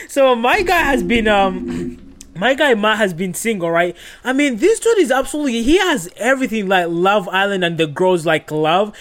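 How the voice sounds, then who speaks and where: A young man hosting a podcast, recapping a reality show in an animated, profane way full of fillers. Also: sits high, normal speed. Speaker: podcast host.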